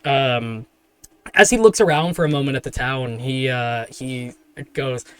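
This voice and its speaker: A man's voice: mid-range voice, a little slow, a bit bright, clean tone, no room sound. A man narrating as game master of a tabletop game, describing scenes in a rambling way full of fillers.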